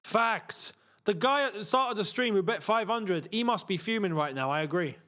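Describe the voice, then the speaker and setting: A young man hosting a live football watchalong, reacting loudly to goals and bantering with his chat. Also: high voice, expressive, moderate pace.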